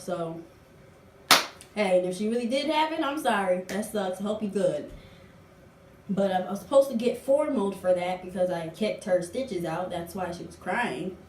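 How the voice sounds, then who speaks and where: A young adult woman telling a story in a casual vlog, animated and full of slang. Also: mid-range voice, a little hiss or hum. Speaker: vlogger. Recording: roomy echo, distant from mic.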